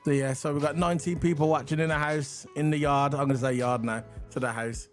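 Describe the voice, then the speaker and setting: A man's voice: a little high, steady tone, fairly quick, soft background music. A man co-hosting a casual livestream, chatty and rambling, hyping the chat and reading transfer news. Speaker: livestream co-host.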